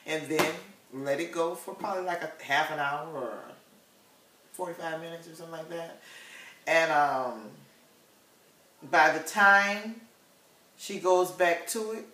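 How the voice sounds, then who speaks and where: Slow-talking chatty woman, roomy kitchen. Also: low voice, a bit bright, slight background noise. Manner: chatty, tags sentences with "okay?" and "you guys". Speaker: home cook vlogger. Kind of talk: casual cooking demonstration. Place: home kitchen. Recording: roomy kitchen with faint sizzle. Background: pan sizzling.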